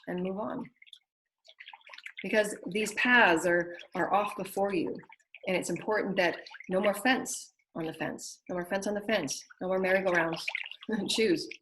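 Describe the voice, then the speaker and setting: A woman hosting a spiritual show, urging listeners in an earnest way, repeating phrases and laughing softly. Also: medium pitch, slight background noise, poor audio. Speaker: spiritual teacher and show host. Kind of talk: spiritual guidance monologue.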